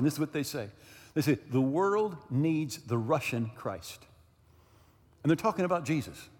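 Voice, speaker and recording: Animated high-voiced male preacher. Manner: emphatic, repeats phrases and asks "right?". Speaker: pastor. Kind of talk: sermon. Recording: long hall reverb.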